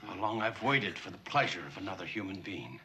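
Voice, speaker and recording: An actor playing a lonely, gentle old blind hermit who is eager for company, with a soft, earnest and wistful voice. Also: male voice, low-pitched, lively intonation, fairly quick. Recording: film audio played under loud noise.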